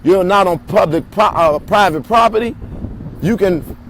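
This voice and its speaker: A high-pitched man delivers a rallying protest speech outdoors, leading chants into a phone. Faint street noise sits under his voice. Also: unhurried, a bit bright, poor audio.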